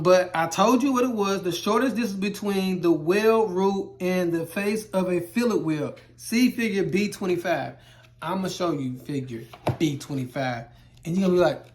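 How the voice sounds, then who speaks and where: Rambling man explaining welding terms. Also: fairly high pitch. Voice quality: loose, rambling, repeats himself, playful exaggerated asides. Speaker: welding instructor. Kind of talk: casual explainer video.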